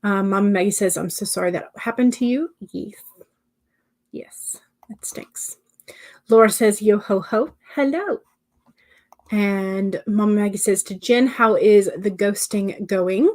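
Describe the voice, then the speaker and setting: A woman hosting a writing livestream, casually reading out viewers' comments and answering them in a chatty way, sometimes dropping to soft murmurs. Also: medium pitch, normal speed. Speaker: livestream host.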